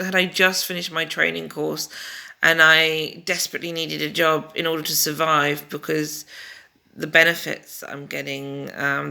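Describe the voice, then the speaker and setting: A woman's voice: low-pitched, gravelly, sharp tone. A middle-aged woman talking through her lockdown days in a casual home vlog, rambling and wry, with many restarts. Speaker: vlogger.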